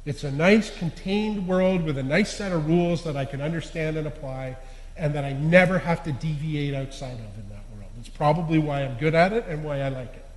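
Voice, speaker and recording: A fairly high-voiced man preaches in an earnest, confessional way, leaning hard on key words and letting sentence ends fall quiet. His voice rings through a church hall with a long, echoing reverb. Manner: earnest, confessional, swinging between loud stresses and quiet endings. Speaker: lay preacher. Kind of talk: sermon.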